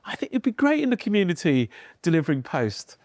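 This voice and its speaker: A man voicing a stern, dismissive woman accounts teacher in a high, scolding tone. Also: big pitch swings, a little fast, a little mellow, dry recording, studio quality. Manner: scolding, incredulous.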